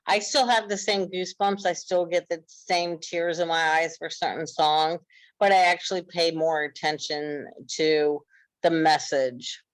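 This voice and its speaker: Woman, lowish pitch, dry close sound, earnest animated storyteller on a casual podcast. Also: no echo, rough recording. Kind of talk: casual chat.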